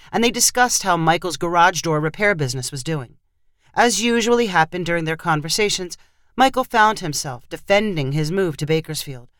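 A woman narrating a short story with a low, measured voice. The delivery stays even, and the recording is dry and close. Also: no room sound. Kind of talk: scripted narration.

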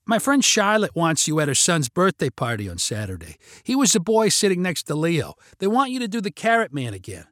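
A man's voice: fairly high pitch, huge pitch swings, a bit bright, no echo, clean studio sound. A man voicing a pushy, teasing sister. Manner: brisk, persuasive, teasing. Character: Lisa, the narrator's take on a pushy sister, adult woman.

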